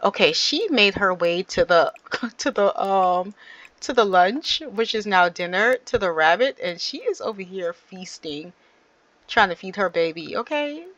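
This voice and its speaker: A woman's voice: mid-range voice, animated, unhurried, a bit bright, muffled recording. A woman giving casual, chatty gameplay commentary and talking straight to her viewers. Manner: chatty, addresses viewers directly. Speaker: gaming channel host.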